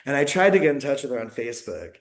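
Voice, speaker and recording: Man from the US, podcast guest, mid-pitched voice, rambling and reflective, lots of fillers. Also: very animated, fast talker. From United States. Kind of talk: casual conversation.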